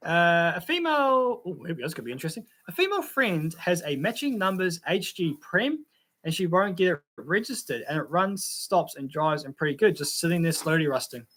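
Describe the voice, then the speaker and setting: An Australian man with a slightly high, somewhat bright voice hosts a casual livestream. He's laid-back, reading out chat comments and telling rambling stories about cars.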